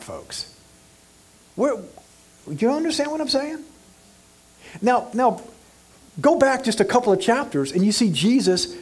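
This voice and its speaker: A man's voice: high-pitched, darkish tone, breathy edge. A male pastor preaching an emphatic sermon who acts out scenes and questions the audience.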